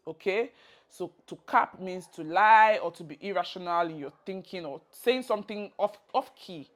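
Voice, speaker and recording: A woman's voice: fairly low pitch, normal speed. A Nigerian woman giving a casual video lesson, playfully acting out example phrases as she teaches. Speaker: language tutor.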